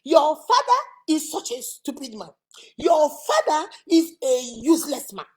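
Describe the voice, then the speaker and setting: A woman's voice: sits high, sing-song, a little slow, a little mellow, voice pushed up. A woman acting out a bitter wife who tells her young child scornful things about the father. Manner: scornful, insulting.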